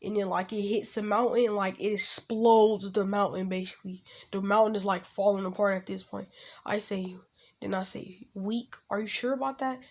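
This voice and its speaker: A man's voice: sits high, level tone, normal speed. A young man casually telling a self-insert fan story, rambling with lots of restarts and loosely acting out the characters' lines. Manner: rambling, with frequent restarts and fillers like "basically" and "like".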